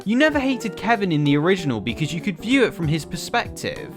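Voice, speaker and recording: A man tears into a film with sarcastic, swearing commentary. His pitch swings wildly from high outrage to low mutters, over a faint bed of music. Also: big pitch swings, fast talker. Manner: sarcastic, exasperated, profane. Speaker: film reviewer. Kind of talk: comedic film review commentary.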